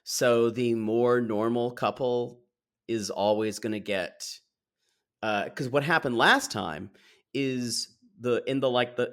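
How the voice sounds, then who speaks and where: A man co-hosting a podcast in casual chat about a reality show, opinionated, with quick quips. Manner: opinionated, quick quips, squeaky impressions of people. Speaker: podcast co-host.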